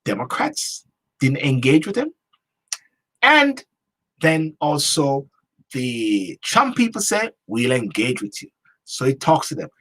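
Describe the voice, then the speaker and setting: A man's voice: a little high, sing-song, takes it slowly, pauses often, fairly bright tone. A man hosting a talk show, delivering an opinion monologue with emphatic, repetitive, rhetorical phrasing.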